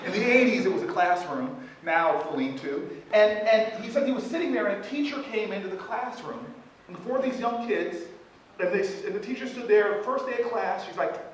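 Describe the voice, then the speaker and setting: Animated man speaking in an echoey hall. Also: sits high, brisk, far from the mic, a little hiss or hum. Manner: animated, joking with the audience. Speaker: keynote speaker at a leadership event. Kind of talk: motivational speech. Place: large event hall.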